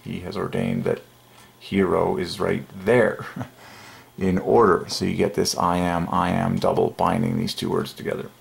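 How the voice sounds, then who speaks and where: A man hosting his own channel, giving an excited, emphatic religious monologue and chuckling often. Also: low-pitched, unhurried, gravelly. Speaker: channel host. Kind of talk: casual religious monologue to camera.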